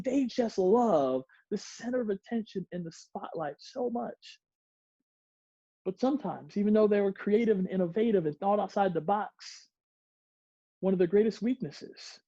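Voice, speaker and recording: A playful workshop presenter talks to a group, acts out examples and laughs between points. The voice is dark and mellow. The sound is dry and dull, like a lo-fi recording. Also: medium pitch, dry recording.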